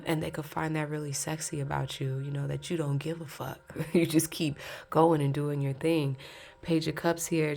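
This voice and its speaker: A woman's voice: low-pitched, gravelly, darkish tone. A woman giving a casual pick-a-card tarot reading, chatty and candid, talking straight to her viewers and laughing between points.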